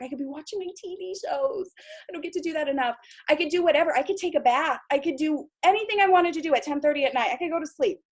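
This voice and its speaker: High-pitched woman running a sales training call, chatty, lots of ums and little laughs. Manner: chatty, self-deprecating, with frequent fillers and laughs. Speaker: sales team director giving training. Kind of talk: casual training talk.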